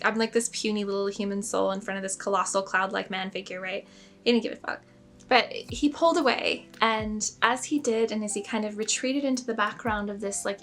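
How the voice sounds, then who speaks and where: A woman's voice: mid-range voice, fairly bright tone. A young woman telling a personal story in a casual vlog, chatty and self-mocking, full of "like" fillers. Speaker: spiritual storyteller.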